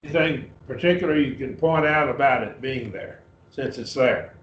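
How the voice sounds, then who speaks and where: A man leads a Bible class, working through Greek words in a relaxed, halting way and calling on his students one by one. His voice is recorded in a reverberant room, and the sound is muffled and lo-fi. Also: medium pitch. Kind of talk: Bible class lesson, Greek word study. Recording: roomy, dull lo-fi class recording.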